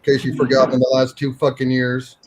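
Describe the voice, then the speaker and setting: A man's voice: mid-range voice, monotone, brisk. Man making pointed remarks, faint noise. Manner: pointed, grudging. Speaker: stream guest. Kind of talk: casual live-stream chat.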